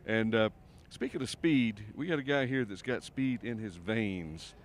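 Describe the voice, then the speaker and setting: A man's voice: lowish voice, measured pace. A man hosting an aviation show, doing a casual, jokey interview outdoors at an air race, with plenty of fillers. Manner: folksy, jokey, with many fillers. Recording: faint outdoor background noise.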